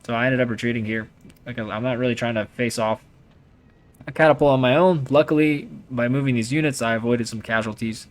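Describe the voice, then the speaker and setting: This young man speaks briskly in a medium-pitched, steady voice while commenting on his own strategy gameplay. The talk is casual and meandering, full of fillers and restarts.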